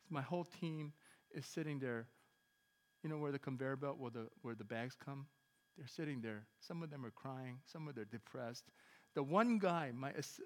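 A man preaching a sermon as a pastor, telling a story in an animated way and acting out the dialogue with emphatic bursts. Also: a little high, long reverb tail. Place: church sanctuary.

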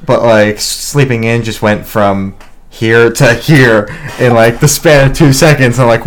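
A man's voice: medium pitch, fairly even intonation, a little slow. A young man co-hosting a podcast in casual chat, rambling, joking and swearing loosely. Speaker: podcast co-host.

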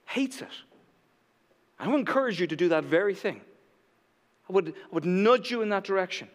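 Impassioned high-voiced male preacher. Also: lively intonation, fast talker, big-room sound. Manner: impassioned, swinging between loud declarations and hushed emphasis. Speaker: pastor. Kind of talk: sermon. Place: church sanctuary.

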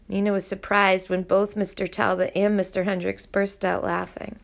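A woman narrating a novel aloud in a steady, even storytelling voice. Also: mid-range voice, normal speed, vocal fry, few pauses. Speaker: audiobook reader.

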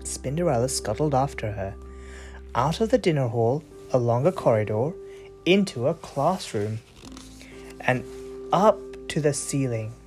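A woman reads a bedtime story aloud to a child with an expressive, low voice that rises and falls a lot. She pauses for gentle asides. Soft music plays faintly in the background. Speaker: parent reading to a child.

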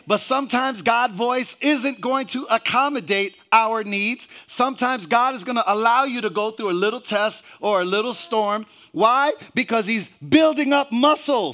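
A man with a very high voice preaches a sermon, scattering hallelujahs through his phrases. He stumbles and repeats words, jokes with the congregation, and builds up to shouting.

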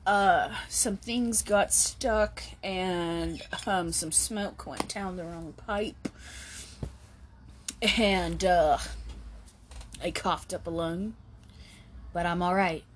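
A woman's voice: fairly low pitch, drawn-out words, long pauses, slight background noise. A woman podcast host retelling a story in a casual, slangy way, full of "like" and swearing. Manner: slangy, swears, many "like" fillers.

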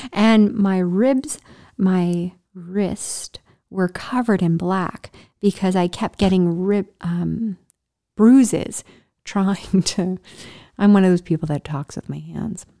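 A middle-aged woman tells her own story straight to camera with plenty of life, laughing often and sinking into a whisper to drive a point home. Her voice is dark and mellow rather than bright, and she sounds at ease the whole time. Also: mid-range voice. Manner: animated, laughing, drops into whispers for emphasis. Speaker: vlogger. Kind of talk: personal storytelling vlog.

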